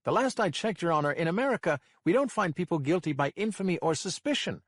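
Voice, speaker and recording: A man's voice: sits high, lively intonation, fast talker, no echo, clean studio sound, pitched above the performer's own voice. A man voicing an indignant male defense lawyer who protests emphatically in court. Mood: protesting.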